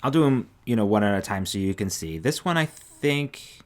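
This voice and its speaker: A man co-hosting a knitting podcast, relaxed and chatty, often trailing off and restarting. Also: on the low side, normal speed. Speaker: podcast co-host. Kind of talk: casual chat.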